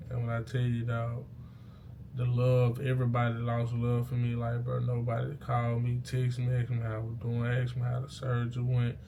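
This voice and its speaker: A young man, telling a personal story to camera in casual, slangy, animated speech with loud bursts. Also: medium pitch, a little hiss or hum. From Mississippi. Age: young adult. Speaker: vlogger. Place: indoors, talking into a mirror.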